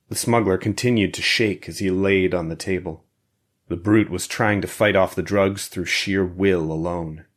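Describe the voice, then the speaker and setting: A man reading an audiobook thriller in a steady, measured narration. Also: deep voice.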